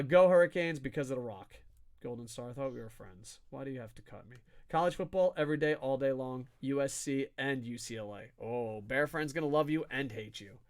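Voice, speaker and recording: A man co-hosting a casual sports podcast, ranting with lots of swearing and swinging between loud shouts and low mutters. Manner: profane, excitable ranting. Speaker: podcast co-host.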